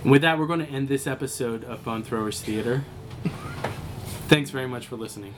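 A man narrating as game master of a tabletop role-playing podcast, relaxed and measured. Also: mid-range voice, background noise.

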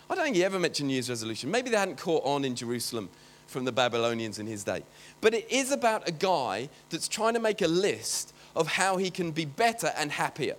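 A man's voice: on the high side, very animated, fairly quick, a bit bright. A man preaching a sermon in a chatty, joking way, often breaking off to talk to the congregation. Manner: chatty, joking, self-interrupting.

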